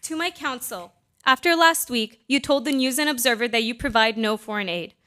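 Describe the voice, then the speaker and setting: A woman's voice: on the high side, normal speed, a bit bright. A young woman giving an impassioned, accusatory public comment at a city council meeting. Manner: impassioned, accusatory, rising to pleading.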